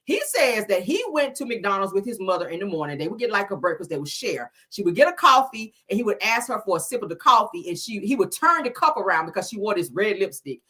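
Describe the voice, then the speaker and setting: A woman with a husky, bright voice holds forth in casual chat, full of swearing and storytelling. Her pitch swings widely as she talks. She sounds middle-aged and hosts her own show. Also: fast talker, few pauses. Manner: animated, profane storytelling. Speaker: host.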